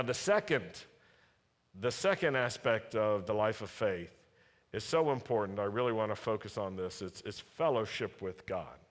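A man preaching a sermon as a pastor, earnest and emphatic, repeating key phrases. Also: mid-range voice. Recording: reverberant hall.

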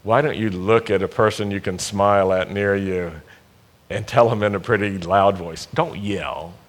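Preaching at a worship service, a man with a fairly low, steady voice keeps a moderate pace but speaks emphatically. He poses rhetorical questions to the congregation before building to loud exhortations.

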